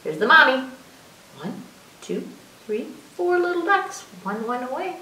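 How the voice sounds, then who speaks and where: A woman leading a children's story time, reading aloud in a sing-song, expressive way and coaxing the young listeners with questions. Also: high-pitched, normal speed. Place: library room. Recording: roomy, distant mic with faint hiss.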